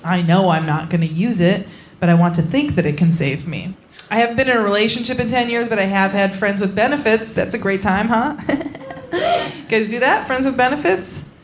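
A young woman performing a live stand-up set on a club stage, blunt and crude, with deadpan punchlines into a handheld mic. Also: medium pitch, moderate pace, slight background noise. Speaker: stand-up comedian. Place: comedy club stage, laughing audience.

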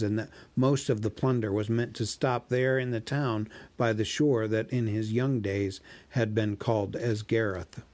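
A man reading a classic novel aloud in a measured narrating voice. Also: fairly low pitch, darkish tone. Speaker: reader.

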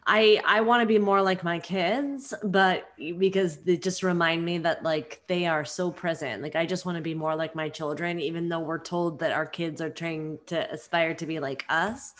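A woman's voice: on the low side, fairly bright tone. A middle-aged woman hosting a podcast, a mother, talking in a chatty, enthusiastic way, full of "like" and "right?". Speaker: podcast host. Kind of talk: casual conversation.

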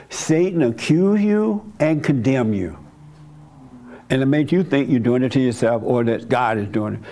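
Older male pastor with a gravelly voice, mid-pitched, preaching with acted-out quotes. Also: mellow. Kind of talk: sermon.

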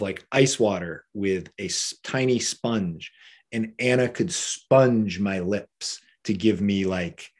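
A man's voice: fairly low pitch, a little mellow. A man, a podcast guest, telling a story in a loose, casual way, swearing often, laughing along and filling his talk with "like". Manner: profane, laughing, heavy use of "like".

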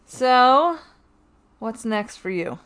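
Brief: woman podcast host, high and very unhurried, short replies. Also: expressive, fairly bright tone. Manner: brief supportive interjections. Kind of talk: interview host, listening responses.

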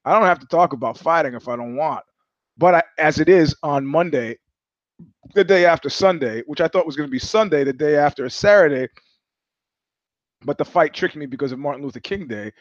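Casting note: New man, high voice, dry close sound, sardonic profane podcast host. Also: fairly quick, no echo, muffled recording. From New York. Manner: profane, sardonic, animated storyteller who acts out voices. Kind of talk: casual monologue, storytelling.

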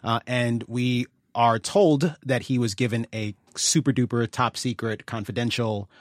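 A man's voice: mid-range voice, fairly even intonation, unhurried, no echo, studio quality. Tipsy man co-hosting a podcast. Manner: wry, rambling, many ums and restarts. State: a little drunk. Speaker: podcast co-host. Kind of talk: casual podcast chat.

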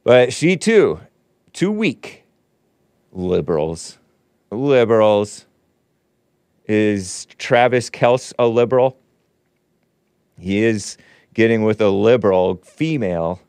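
A man's voice: mid-range voice, animated, takes it slowly, a little mellow, smooth, dry recording. A man hosting a livestream show, talking in a rambling, sardonic way with chuckling asides from his studio. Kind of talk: casual commentary. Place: home studio.

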